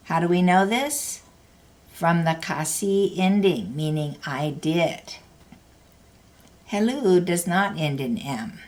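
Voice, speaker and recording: A woman teaching a language lesson, explaining grammar carefully in a scripted narration. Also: low-pitched.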